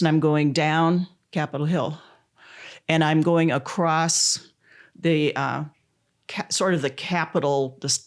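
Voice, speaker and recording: A middle-aged woman from Missouri, a volunteer advocate telling a story in an interview, laughing often and close to tears. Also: deep voice.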